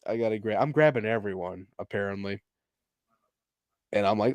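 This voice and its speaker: A man co-hosting a podcast, telling crude jokes and stories in a loose, animated way, laughing often. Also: on the low side, moderate pace, long pauses, no echo, clean studio sound. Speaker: podcast co-host. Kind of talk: casual chat.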